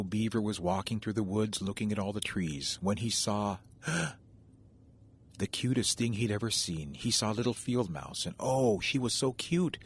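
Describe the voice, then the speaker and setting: Husky-voiced male storyteller. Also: fairly low pitch. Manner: gentle, conversational, addresses listeners directly. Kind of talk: oral folk storytelling.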